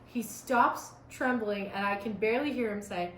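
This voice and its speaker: Teen girl vlogger, high-voiced, sarcastic asides, roomy sound. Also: a little slow, a little hiss or hum. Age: teenager. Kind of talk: reading aloud with commentary. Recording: roomy echo.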